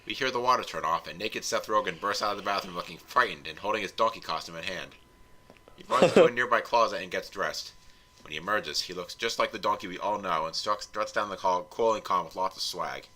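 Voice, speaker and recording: Brief: male host, wry comic reader, low and very bright. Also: a little fast. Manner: wry, breaks into laughter. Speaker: host, fanfiction reviewer. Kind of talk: comedic read-along commentary.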